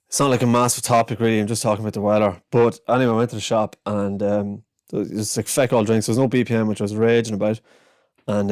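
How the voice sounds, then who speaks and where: A man's voice: on the low side, darkish tone, no echo, studio quality. Rambling Irish man telling a story. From Ireland. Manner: laughing, meandering storyteller. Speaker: podcast host. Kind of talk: casual rambling monologue.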